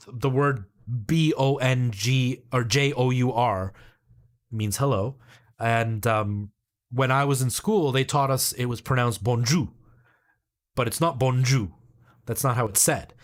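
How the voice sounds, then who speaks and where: A man in his thirties from Canada, chatting casually on a live stream and explaining things in a rambling way, with lots of ums and likes. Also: mid-range voice. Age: 30s.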